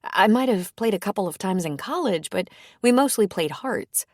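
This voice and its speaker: A woman's voice: mid-range voice, lively intonation, normal speed, no room sound, studio quality, lightly acted. A woman reading the lines of a nervous, hesitant middle-aged woman who stammers, in an audiobook.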